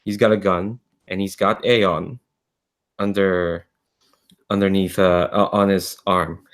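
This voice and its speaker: A man running a tabletop game as game master, speaking in a somewhat low voice. He feels his way through each scene with frequent ums and restarts. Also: fairly even intonation, slow pace. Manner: hesitant, full of ums and restarts.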